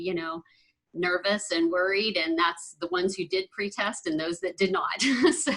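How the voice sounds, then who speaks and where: A woman speaks on a discussion panel. Her voice is bright and sharp, and she talks in a chatty way, circling back to her points and laughing easily. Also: medium pitch, rough recording. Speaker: panel guest, marketing analyst.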